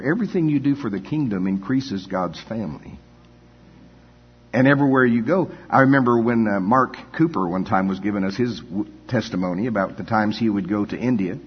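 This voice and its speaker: An older man preaching a folksy, conversational sermon with frequent "you know" asides and chuckles. His voice is husky. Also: medium pitch, animated, fairly quick. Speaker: pastor. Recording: dull echoey hall.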